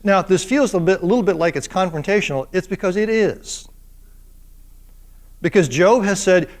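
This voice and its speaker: A man professor giving a classroom lecture, animated and full of playful rhetorical questions. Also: sits high, normal speed, long pauses.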